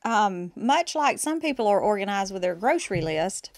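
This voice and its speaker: A middle-aged woman, telling stories as a podcast guest in an animated, chatty way and often clearing her throat. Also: medium pitch, normal speed. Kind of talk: casual chat, storytelling.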